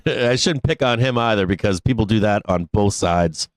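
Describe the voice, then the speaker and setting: A man's voice: lowish voice, animated, moderate pace, no echo. A man hosting a live stock trading stream, chatting casually, swearing a lot and laughing often. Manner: profane, laughs often, rants. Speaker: stock market livestream host. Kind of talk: casual profane livestream chat.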